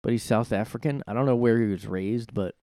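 Speaking a little fast in a lowish, warm voice, a man runs his own podcast from his room. It's a casual solo commentary rant, rambling and sarcastic with lots of swearing, and the studio-quality sound has no echo.

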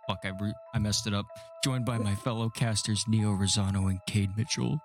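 A man's voice: lowish voice, fairly even intonation, a little fast, hardly any pauses, soft background music. A young man hosting a casual podcast, joking and self-mocking, often tripping over his words. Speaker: podcast host.

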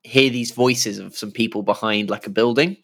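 A man's voice: on the low side, fairly even intonation, moderate pace, gravelly, fairly bright tone. A man in a casual chat about a video game, chiming in with side notes and laughing often.

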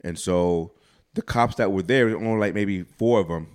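A man's voice: sits low, moderate pace, darkish tone, clear, resonant tone. A man co-hosting a casual podcast chat, laid-back and joking, rambling through stories. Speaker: podcast co-host.

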